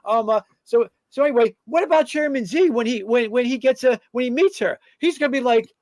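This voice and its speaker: A man's voice: very high-pitched, fairly quick, a little mellow, no room sound. A middle-aged man hosting a political talk show, rambling and combative, with lots of fillers and restarts.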